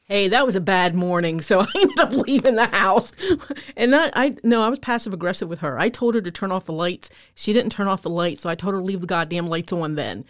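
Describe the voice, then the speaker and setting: A woman's voice: medium pitch, a little fast, dry recording. A woman co-hosting a casual chat, candid and reflective, often laughing as she talks. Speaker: podcast co-host.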